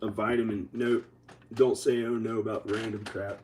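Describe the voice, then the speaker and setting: A man vlogging in a rambling, halting way, full of restarts, sounding tired and short on sleep. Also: on the low side, little pitch movement, reverberant, far from the mic, background noise. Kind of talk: rambling casual monologue to camera.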